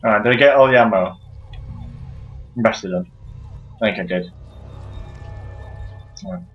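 A man giving let's play commentary while he plays a shooter, swearing constantly and shouting at enemies in frustration. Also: lowish voice, expressive, moderate pace, muffled recording, soft background music. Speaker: gamer playing through a shooter.

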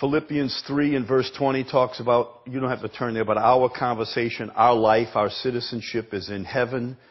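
A man preaching a sermon as pastor, emphatic, repeating words and asking the congregation questions, with a husky voice. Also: medium pitch, steady tone, normal speed, lo-fi sound. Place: church sanctuary.

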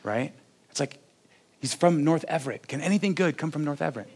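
A man's voice: on the high side, expressive, a little fast, darkish tone, slight background noise. A man, a pastor preaching a sermon in a conversational, self-deprecating, joking way.

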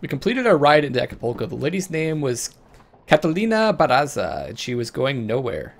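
A man hosting a let's play, reading story text aloud in a mid-pitched voice. He switches between measured narration and casual, joking chatter. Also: sing-song. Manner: storyteller reading, breaks off into jokey chat.

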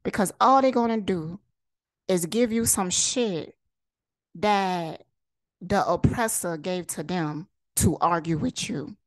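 A woman's voice: on the low side, slow, no room sound. A woman vlogger delivering a heated, profane monologue straight to camera, firing rhetorical questions and repeating lines for emphasis. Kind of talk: impassioned direct-to-camera monologue.

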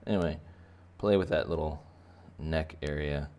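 A drawing teacher gives kids a playful, rambling tutorial full of fillers. His voice is a rumbling low with a darkish tone, at a moderate pace.

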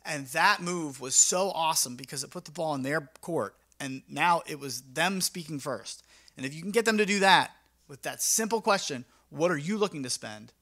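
A man's voice: fairly high pitch, lively intonation, a little fast, bright, forceful tone. A young man, a mobile DJ, talking casually and energetically in a vlog, acting out his talks with clients in a slangy, upbeat way. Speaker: mobile DJ and vlogger.

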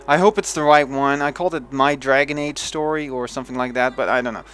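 A man's voice: mid-range voice, fast, a bit bright, faint music behind. A young man with a Dutch accent, chatting casually and thinking aloud as he plays a video game. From Netherlands. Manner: chatty, thinks aloud with restarts and self-talk. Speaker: let's play gamer.

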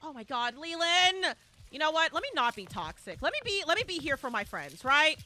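A young woman streaming a horror game live, chatting to viewers and bursting into shouts and squeals. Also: high-pitched, sing-song, fairly quick. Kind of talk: live gameplay commentary.

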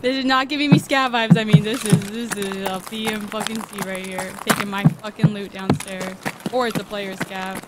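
A woman streaming a shooter game, talking excitedly and swearing at the action. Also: mid-range voice, normal speed, heavy background noise. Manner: swearing, exclaiming, talking over game sounds. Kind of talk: excited gaming chat. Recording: loud music behind the voice.

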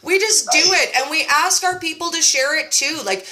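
A woman's voice: high-pitched, moderate pace, sharp tone. A woman in her forties hosting a casual chat, telling stories in a chatty, self-mocking way and saying "like" a lot. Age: 40s. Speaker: host running a keto support group.

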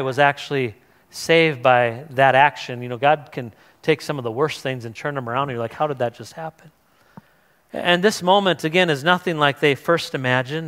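A man pastor giving a conversational sermon, animated and acting out the voices of people in the story. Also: medium pitch. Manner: conversational, animated, acts out voices of biblical figures. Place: church sanctuary. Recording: long reverb of a church hall.

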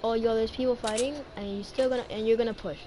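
A woman's voice: fairly high pitch, fairly even intonation, quick pace, noisy background. A woman chatting playfully and teasing while streaming a game. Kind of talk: casual gameplay chat.

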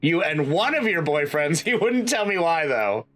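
A let's play co-host reading game dialogue and narration aloud between giggles and banter with a friend. The pitch moves constantly, leaping up and down in an animated way. A faint bed of music sits behind the voice. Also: moderate pace. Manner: giggly, reads game text aloud, swings pitch widely.

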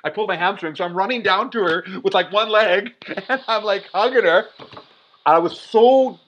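A middle-aged Canadian man with a Canadian accent, a podcast guest telling an excited story and acting out voices as he goes. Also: sits high, normal speed, muffled recording. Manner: energetic, animated, acts out voices in his stories.

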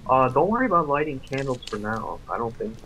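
A young man co-commentating a game in casual chat, laid-back and teasing, with halting filler-heavy speech. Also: medium pitch, sing-song, background noise. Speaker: co-commentator watching. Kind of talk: casual let's-play commentary.

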